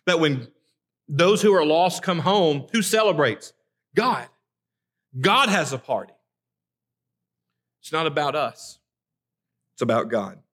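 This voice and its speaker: A man's voice: fairly high pitch, lively intonation, takes it slowly, long pauses, fairly bright tone. Earnest man preaching a sermon. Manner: earnest, repeats words when starting sentences. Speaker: pastor. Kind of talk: conversational sermon with scripture reading. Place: church.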